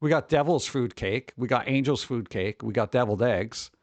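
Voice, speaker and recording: A man's voice: mid-range voice, moderate pace, no room sound. A man streaming live, reading holidays aloud and cracking jokes in a casual, playful way. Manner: joking, playful, riffing.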